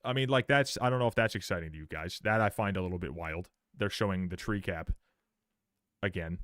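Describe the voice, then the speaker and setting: A man's voice: low voice, brisk, a bit bright, no room sound, clean studio sound. A man streaming live, reacting to a game trailer in sarcastic, profane commentary, often repeating words and restarting his sentences.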